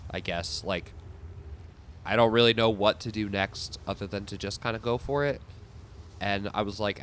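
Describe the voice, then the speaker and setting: A man's voice: lowish voice, normal speed, sharp tone, slight background noise. A young man casually talking through his gameplay, thinking aloud with lots of fillers. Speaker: gaming video host.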